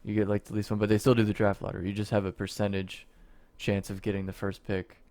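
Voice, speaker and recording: A man's voice: fairly low pitch, completely flat delivery, quick pace, darkish tone, no room sound. A man co-hosting a podcast in casual chat. He rambles, swears freely and laughs often. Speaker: podcast co-host.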